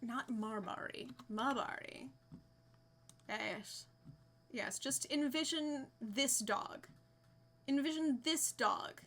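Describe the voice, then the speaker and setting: A woman's voice: sits high, takes it slowly, long pauses, fairly bright tone. A young woman live streaming a game, chatting casually and giggling as she reads out names with delight.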